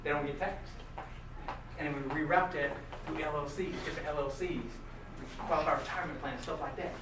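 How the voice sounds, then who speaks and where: A man giving an animated, joking motivational talk to a live audience, often quizzing the crowd. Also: fairly high pitch, a little fast. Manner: animated, jokey, questions the crowd. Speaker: motivational speaker. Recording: distant echoey room recording with noise.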